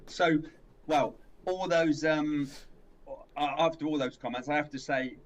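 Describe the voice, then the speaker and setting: A man's voice: on the high side, steady tone, unhurried, poor audio. A man co-hosting a film podcast, chatting casually and hesitantly, often repeating himself. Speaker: podcast co-host. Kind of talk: casual film review chat.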